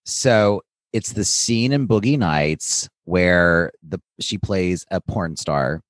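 A man's voice: low voice, takes it slowly, no room sound. A man co-hosting a podcast in casual chat, chatty and enthusiastic, laughing often as he tells stories. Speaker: podcast co-host.

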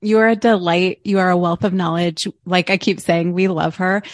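A woman hosting a podcast, warmly praising her guest and wrapping up the talk. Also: lowish voice, fairly even intonation, moderate pace, no echo, studio quality. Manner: warm, praising, wraps up the interview. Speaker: podcast host. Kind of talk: casual podcast interview.

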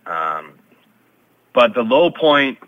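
A man's voice: medium pitch, sing-song, very slow, no echo, narrow, tinny audio. A former pro hockey player in his thirties, telling his story in an interview with many fillers and restarts.

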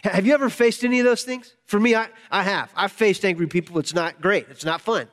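A man's voice: sits high, a little fast, fairly bright tone. A man giving a casual, conversational sermon, often restarting his sentences. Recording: reverberant hall.

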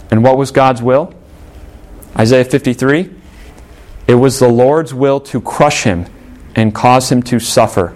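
A man's voice: mid-range voice, measured pace, pauses often, darkish tone. A man, the pastor, preaching an earnest sermon with emphatic repetition.

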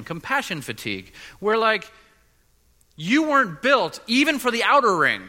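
A man preaching a sermon as a pastor, earnest and halting, often repeating his words. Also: high-pitched, bright, forceful tone. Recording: long reverb of a large hall.

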